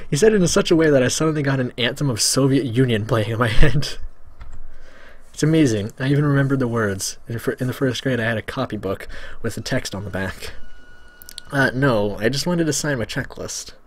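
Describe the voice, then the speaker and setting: Guy reading a visual novel out loud, joking around, trips on words now and then. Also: mid-range voice, a little fast. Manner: casual, joking asides, stumbles over words. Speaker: Let's Play host.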